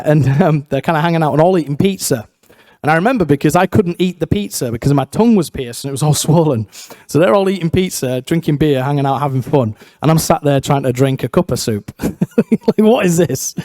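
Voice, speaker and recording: A young man, telling his life story in a church, lively and self-mocking, acting out the voices of the people in it. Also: a little high, no echo. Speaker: guest speaker sharing testimony. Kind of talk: testimony storytelling.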